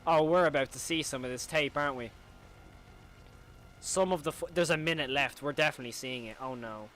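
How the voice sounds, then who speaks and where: Excitable young man reacting to horror. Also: on the high side, a little fast, a little hiss or hum. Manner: excitable, reacts aloud with repeated exclamations; chatty, answers viewer questions. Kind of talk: live reaction commentary.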